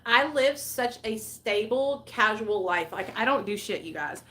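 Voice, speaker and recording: A woman's voice: medium pitch, expressive, unhurried, fairly bright tone. A woman in her forties hosting a casual livestream chat, talking candidly and rambling, swearing freely. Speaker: channel host.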